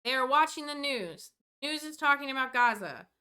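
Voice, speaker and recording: A young woman with a high voice tells a storytime rant straight to camera. Her tone is bright and sharp-edged, and she is exasperated and rambling, with casual swearing throughout. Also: animated, normal speed. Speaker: vlogger.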